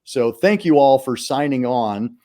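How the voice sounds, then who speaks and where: Lively, animated male podcast host. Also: mid-range voice, a little slow. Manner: lively, theatrical delivery. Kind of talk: scripted intro then casual chat.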